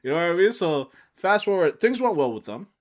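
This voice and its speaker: A man streamer casually telling a personal story, animated and laughing, swinging between mumbles and shouts. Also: sits high, brisk. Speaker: streamer reacting to a video.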